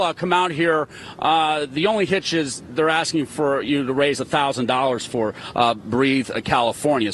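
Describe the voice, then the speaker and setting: A man's voice: a little high, a bit bright, slight background noise. A male TV news reporter doing a live field report outdoors on a hotel rooftop, upbeat and chatty with his guests.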